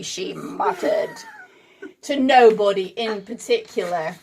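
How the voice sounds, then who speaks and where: A woman's voice: on the high side, a little slow, a little hiss or hum. Playful woman reading a storybook aloud. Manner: playful, lively voices for characters. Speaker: parent reading aloud to a child.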